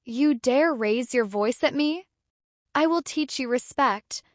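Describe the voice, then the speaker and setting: A woman's voice: high-pitched, slow pace, no echo, studio quality. A woman voicing a cruel, scheming stepmother. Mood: harsh. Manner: harsh and threatening, turns falsely sweet.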